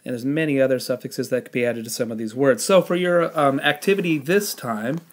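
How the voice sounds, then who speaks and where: A man teaching a spelling lesson, explaining the rules patiently step by step and pausing on the odd "um". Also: medium pitch. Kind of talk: spelling lesson with classroom instructions.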